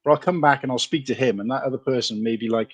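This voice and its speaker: A man's voice: mid-range voice, no room sound. Chatty Welsh man hosting a show. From Wales. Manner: chatty and rambling, with quick asides. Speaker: podcast host. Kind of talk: casual chat.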